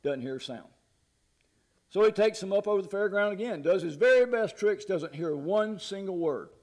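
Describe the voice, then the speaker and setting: Folksy pastor, a man with a fairly high voice. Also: expressive, moderate pace, a little mellow. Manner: folksy, laughs at his own jokes. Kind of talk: sermon with a humorous story.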